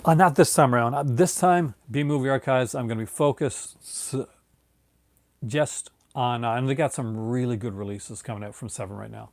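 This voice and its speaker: A man's voice: mid-range voice, normal speed, a little mellow, no echo. A tired man hosting his own video, chatting casually and rambling with many fillers and restarts. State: tired, yawning. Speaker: video host. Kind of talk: casual late-night video chat.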